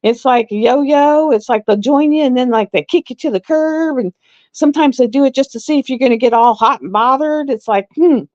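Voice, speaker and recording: A middle-aged woman hosting a live stream in casual chat, blunt and repetitive, often quoting herself in an even higher voice. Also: fairly quick. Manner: chatty, blunt, drawling, repeats herself. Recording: dry, dull lo-fi sound.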